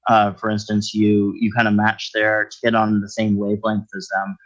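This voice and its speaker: A man's voice: lowish voice, completely flat delivery, moderate pace, highs cut off. A man talking as a guest in a casual interview, explaining his work in a thinking-aloud way. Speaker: skip tracer guest.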